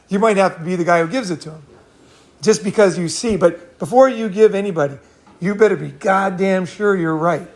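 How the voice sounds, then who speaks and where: A middle-aged man hosting a casual chat, telling stories in a blunt, profane, rambling way with many restarts. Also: high-pitched. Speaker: host.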